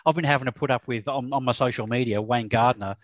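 A man, hosting a casual motorsport chat with a lively, joking manner. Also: mid-range voice, quick pace, dry recording, highs cut off. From Australia. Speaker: podcast host.

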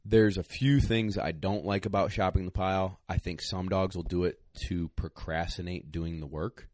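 Here a deep-voiced man offers emphatic, no-nonsense retriever-training advice in relaxed podcast conversation, his delivery blunt and plain-spoken. His tone is steady and darkish, his pace moderate, and he's slightly out of breath. The audio is captured up close and dry, free of any room sound.

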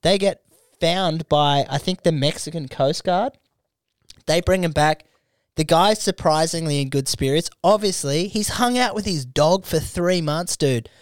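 A young man co-hosting a casual podcast, swearing freely as he tells stories and acts out the other people in them. His voice sits a little high for a man. It is recorded close on a dry studio mic. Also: a little slow, dry recording. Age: young adult. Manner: profane, storytelling, animated impressions of others. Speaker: podcast co-host. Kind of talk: crude casual podcast banter.

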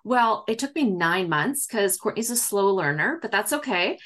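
A woman's voice: mid-range voice, expressive, normal speed, hardly any pauses, a bit bright. A woman as an interview guest, chatting casually and telling her story with lots of fillers, acting out what people said. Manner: chatty, acts out quoted dialogue, many fillers. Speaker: guest medium.

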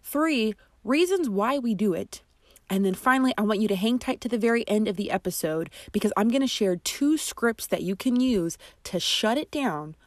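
A woman's voice: mid-range voice, lively intonation, moderate pace, no room sound, clean studio sound. A woman hosting an advice podcast as a friendship coach, talking in a chatty, emphatic way with asides. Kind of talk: scripted podcast narration and advice.

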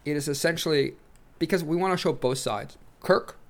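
A man hosting a casual podcast and posing the questions, playful and laughing as he pitches ideas. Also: moderate pace. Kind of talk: casual banter.

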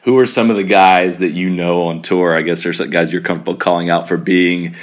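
Low-voiced host guy, chatty, questions ramble on and on. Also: fairly even intonation, brisk. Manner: chatty, asks long winding questions. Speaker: podcast host. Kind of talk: casual interview chat.

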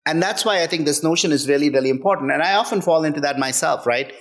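A man's voice: on the high side, fast talker. A man speaking as a guest author in a conversational interview, earnest and emphatic, often checking in with "right?".

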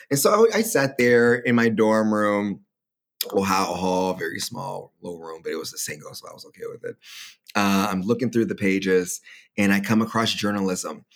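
A man in his thirties, a podcast guest, talking in a casual, animated way about his college years, laughing often and acting out other people's voices. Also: fairly low pitch, moderate pace. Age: 30s. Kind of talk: casual storytelling chat.

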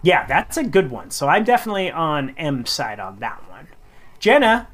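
A woman's voice: sits low, sing-song, moderate pace. A woman co-hosting a radio show, reading listener tweets aloud in a giggly way and acting out the quoted lines.

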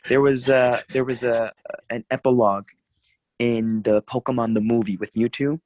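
A man in a casual group chat, speaking earnestly as he recalls favorite memories. His voice sits at an average pitch. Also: fairly even intonation, normal speed, a little mellow, no room sound, poor audio.

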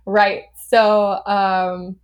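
A woman in her thirties from Southern California talks as a podcast guest. Her voice sits at an ordinary middle pitch. She tells a story in a chatty, animated way, laughs often and scatters fillers through her sentences. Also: drawn-out words, clear, resonant tone, dull audio. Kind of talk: casual storytelling.

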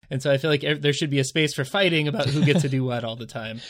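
A man's voice: medium pitch, fast. A man co-hosting a casual fan podcast who talks in a hesitant way, with many restarts, and laughs easily. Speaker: podcast co-host. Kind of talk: casual chat.

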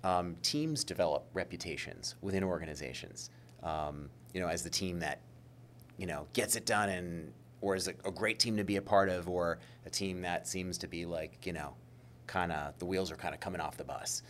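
A man's voice: deep voice, moderate pace, a bit bright, a little hiss or hum. A man explaining ideas in a casual discussion, thoughtful and hedging, with frequent fillers and restarts.

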